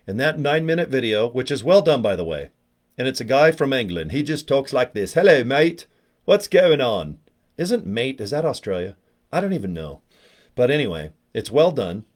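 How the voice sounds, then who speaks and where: A man with a medium-pitched, darkish voice hosts a casual live stream promoting products. Joking and rambling, he pokes fun at himself and speaks to chat viewers by their names.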